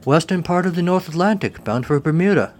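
A man voicing a gruff sea captain who grumbles his lines. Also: fairly high pitch, expressive, brisk, a little hiss or hum, voice pushed up, lightly acted. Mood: grumbling.

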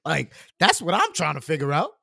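A man hosting a casual livestream, talking in animated slang while eating. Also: a little high, fairly quick, creaky, husky, no echo, studio quality. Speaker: livestream host.

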